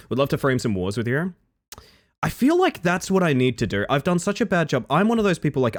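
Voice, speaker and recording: A man is live-streaming and chatting casually with his viewers, reading their messages aloud and replying to them by name. His voice jumps between excited high yelps and low mutters.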